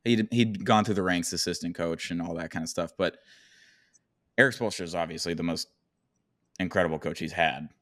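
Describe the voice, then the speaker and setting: Low-voiced man rambling about basketball. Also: fairly quick, fairly bright tone, no echo, studio quality. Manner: rambling, thinks aloud with restarts and swearing. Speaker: podcast co-host. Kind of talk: casual sports podcast chat.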